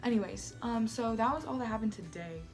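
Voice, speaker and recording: A woman's voice: fairly high pitch, brisk, soft background music, close to an everyday voice. A woman playing a gossipy, self-centered young Salem woman who talks to the camera in a chatty vlog style, full of "like" and "oh my gosh". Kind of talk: amateur vlog-style role-play.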